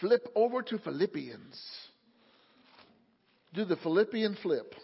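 High-voiced man preaching in an echoing hall. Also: slow pace, vocal fry, slightly rough. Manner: calm storytelling building to loud fervent preaching. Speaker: pastor. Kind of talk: sermon. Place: church sanctuary. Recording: muffled sound in a reverberant hall.

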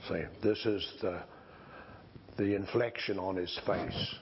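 Low gravelly-voiced male preacher. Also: steady tone, dull audio, slight background noise. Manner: slow conversational storytelling with restarts. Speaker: pastor. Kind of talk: sermon.

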